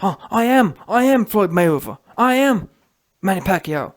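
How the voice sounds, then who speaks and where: A man's voice: sits high, big pitch swings, moderate pace. A man putting on a mocking impression of a boastful young boxer. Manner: mocking, bragging.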